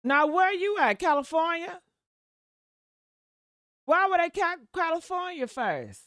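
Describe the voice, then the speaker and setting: A woman's voice: very high-pitched, big pitch swings, a little slow, a bit bright, dry recording, studio quality. A woman giving blunt, profane, sassy commentary on a livestream, calling her listeners honey. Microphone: desktop mic.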